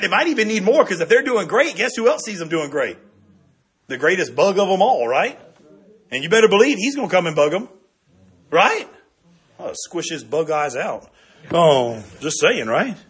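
High, bright-voiced preacher, husky edge. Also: male voice. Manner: lively, conversational preaching with frequent "right?" asides. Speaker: pastor. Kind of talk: sermon.

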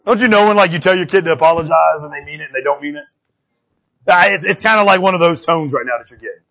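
A male pastor preaching a sermon in a church, animated and conversational, often checking in with "right?". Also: on the high side, quick pace, lo-fi sound.

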